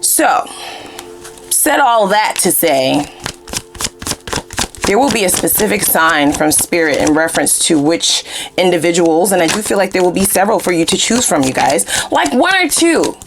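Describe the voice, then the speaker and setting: A woman giving a casual tarot reading in a blunt, profane and animated way. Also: fairly low pitch, normal speed, background noise. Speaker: tarot reader.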